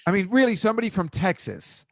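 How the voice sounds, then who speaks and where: A man's voice: sits high, sing-song, fast talker, creaky, dry recording. A middle-aged man hosting a comedy football picks show, dry and teasing in casual banter. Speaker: host.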